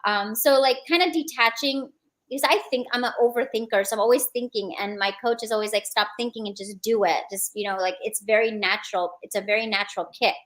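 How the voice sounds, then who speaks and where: Young female interview guest, casual and reflective, lots of fillers, brightish pitch. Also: quick pace. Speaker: guest, aspiring action actress. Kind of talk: radio interview.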